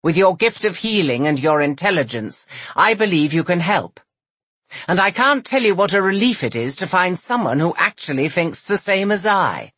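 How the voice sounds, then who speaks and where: A woman's voice: fairly low pitch, big pitch swings, moderate pace, a bit bright, husky, dry recording, exaggerated voice. A woman voicing a jovial, teasing male general in an audiobook, easygoing in manner. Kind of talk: audiobook character voice.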